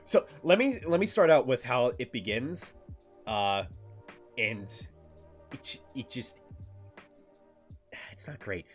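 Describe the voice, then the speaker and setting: A man chats casually on a stream, walking through a game's story in a loose, profane way. His pitch swings up and down a lot as he talks, broken up by frequent fillers and restarts. Faint music plays in the background. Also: big pitch swings, slow, pauses often. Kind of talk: casual stream chat, recapping a game.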